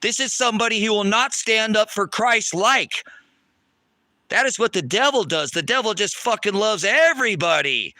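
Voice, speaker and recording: A man preaches furiously at his livestream chat, cursing often and swinging between shouts and low lecturing. His voice is fairly high, very bright and sharp, and the pitch jumps around a lot. The sound is close and dry. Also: animated, moderate pace, no echo. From United States. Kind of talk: heated livestream rant to chat.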